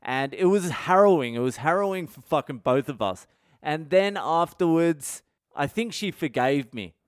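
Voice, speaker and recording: A man's voice: a little high, lively intonation, moderate pace, clean tone, no room sound, clean studio sound. Aussie guy rambling a funny story on his podcast, swears constantly, clean resonant voice. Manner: heavy swearing, rambling and candid. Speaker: podcast host. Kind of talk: comedic storytelling monologue.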